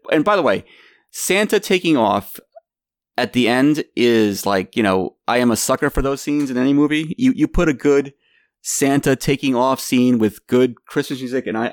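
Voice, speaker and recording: A man's voice: mid-range voice, no echo, studio quality. A man casually reviewing a film as a podcast host, often repeating words as he starts his sentences.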